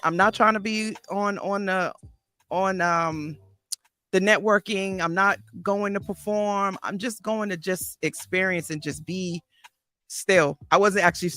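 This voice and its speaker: A woman's voice: lowish voice, pushed and bright. A woman therapist and life coach hosting a podcast, thoughtfully recalling a past conversation on a video call. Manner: reflective, thoughtful recollection. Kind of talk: casual interview conversation.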